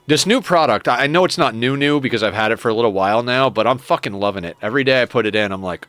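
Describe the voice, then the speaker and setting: A man's voice: medium pitch, quick pace, hardly any pauses, a bit bright, no echo. A young adult man streaming a game, chatting casually and rambling with lots of swearing and enthusiasm. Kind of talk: casual chat while playing a game.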